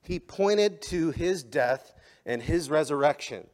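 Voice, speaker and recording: A man preaching a sermon as pastor, impassioned, rising to emphatic peaks and then dropping quiet. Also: a little high, animated, takes it slowly. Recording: long hall reverb.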